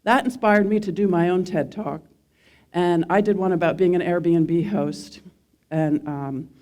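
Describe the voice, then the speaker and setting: A woman's voice: fairly low pitch, measured pace, dark tone. Wry, self-mocking middle-aged woman speaker. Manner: self-deprecating, wry humor with audience questions. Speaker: speaker at a mental health event. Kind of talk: personal talk to a live audience.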